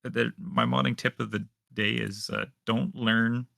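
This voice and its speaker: Gravelly-voiced man from central Canada. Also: medium pitch, a little slow, no room sound, studio quality. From Manitoba, Canada. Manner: relaxed, hesitant with fillers. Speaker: guest modder. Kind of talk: casual interview answers.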